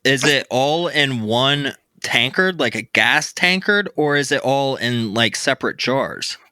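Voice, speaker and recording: Very bright, smooth-voiced male host. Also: medium pitch, measured pace, no echo. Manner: upbeat, giggly, excitable. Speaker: podcast host. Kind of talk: casual chat. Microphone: remote recording.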